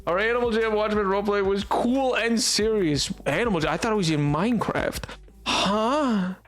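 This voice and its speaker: A man's voice: high voice, moderate pace, a bit bright, soft background music. A young man streaming and chatting casually with his chat, rambling and joking with lots of fillers and restarts. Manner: rambling, jokey, self-interrupting with fillers.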